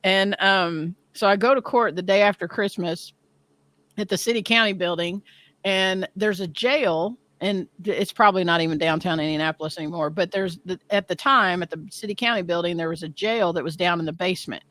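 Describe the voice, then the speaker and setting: Animated woman in her fifties telling stories. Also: fairly low pitch, brisk. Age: 50s. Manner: animated, laughing, self-deprecating storyteller. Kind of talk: casual storytelling chat.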